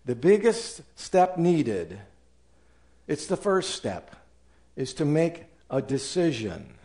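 A man's voice: fairly high pitch, big pitch swings, takes it slowly, mellow. A man preaching a sermon as pastor, acting out doubters and angry people in quoted voices.

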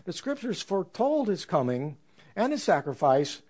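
A man preaching a sermon in an earnest, reflective way, slowing down to stress scripture. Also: sits high, big pitch swings, darkish tone. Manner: earnest, reflective, with slow emphatic scripture quotes.

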